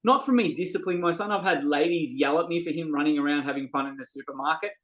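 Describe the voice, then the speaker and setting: Man, middle-aged, high voice, lively storytelling, quotes voices. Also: fast, low-quality recording. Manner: animated, acts out quoted dialogue, frequent restarts. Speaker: podcast guest. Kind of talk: casual conversational storytelling.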